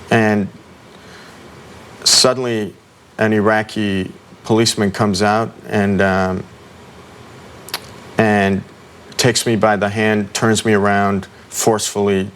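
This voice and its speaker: Low-voiced man recounting an ordeal, halting. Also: a bit bright, a little hiss or hum. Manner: halting, with many ums and restarts. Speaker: interview guest.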